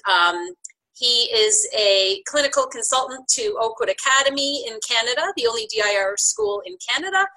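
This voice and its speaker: A woman hosting a podcast interview, upbeat and quick to laugh, introducing her guest and reading out material. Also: on the high side, sharp tone, poor audio. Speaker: podcast host.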